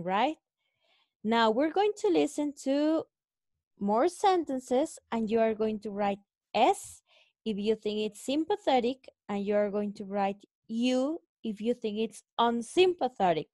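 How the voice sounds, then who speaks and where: A woman with a Mexican Spanish accent, speaking as a native Spanish-speaking English teacher. She talks slowly in a slightly high voice, explaining each point to her class. The sound is close and dry. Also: expressive, mellow, dry recording. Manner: slow, explanatory, addressing students as guys. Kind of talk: recorded online lesson.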